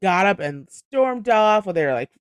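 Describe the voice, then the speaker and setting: A man with a fairly high voice hosts a relaxed book club podcast. He laughs often and strings his thoughts together with lots of "like". The sound is dry and close. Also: moderate pace, clear, resonant tone, no echo, lo-fi sound. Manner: chatty, laughs often, fills with "like". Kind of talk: casual chat.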